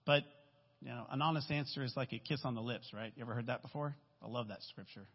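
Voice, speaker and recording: A man's voice: medium pitch, fast talker, breathy edge. A man, a guest speaker, giving a candid, rambling testimony sermon in a church, often checking in with "right?". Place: church sanctuary. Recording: dull recording with long hall reverb.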